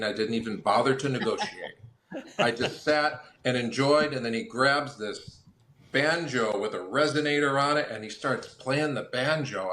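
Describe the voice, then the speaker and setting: A man, a guest on a collectors' chat, telling lively anecdotes and acting out the people in them. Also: mid-range voice. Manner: lively anecdotal storyteller with acted quotes. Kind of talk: casual storytelling.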